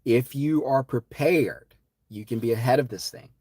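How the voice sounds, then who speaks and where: A man hosting a live stream in a fervent, preachy voice, with dramatic swings between loud and hushed. His voice sits at a middling pitch. The sound is dry and close, with no room echo. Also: normal speed. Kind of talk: impassioned live-stream talk.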